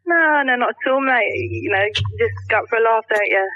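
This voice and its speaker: A woman's voice: fairly high pitch, big pitch swings, a little fast. A woman from Worcester calling in to a radio show, good-humoured and giggly, heard over the phone. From Worcester, England. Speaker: caller. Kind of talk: phone-in chat. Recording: tinny phone line.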